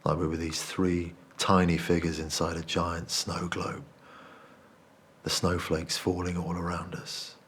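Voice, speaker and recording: A man performing a dramatic monologue as a remorseful man confessing a cowardly betrayal, speaking in a hushed, confessional way. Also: deep voice, completely flat delivery, measured pace, a little hiss or hum. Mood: haunted, confessional.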